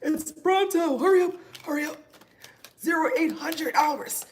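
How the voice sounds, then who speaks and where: A woman putting on the voice of a bossy, frantic woman who barks hurried orders, in a mocking tone. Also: sits high, slight background noise, pitched above the performer's own voice. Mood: mocking urgency.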